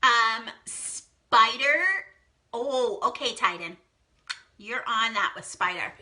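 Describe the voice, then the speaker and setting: A woman's voice: on the high side, slow. A young woman hosting a live phonics lesson for small children, cheerfully reading out their guesses and praising each one. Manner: bubbly, encouraging, reads out children's guesses with excited gasps.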